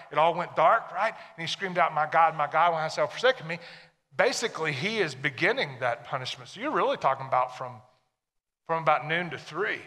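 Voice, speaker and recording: A man's voice: on the high side, bright, forceful tone, in a large hall. A man preaching a sermon to a congregation, emphatic and full of questions to the listeners. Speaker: pastor.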